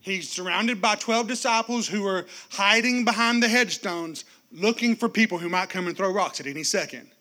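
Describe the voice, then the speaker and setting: A male pastor preaching a sermon, animated and joking, swinging between loud and hushed. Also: high voice, normal speed, few pauses. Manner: joking, speaks straight to the congregation.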